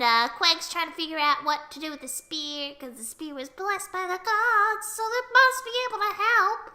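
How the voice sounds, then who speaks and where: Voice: sits high, pushed and bright. A young storyteller rambling through a giggly recap of a tabletop game.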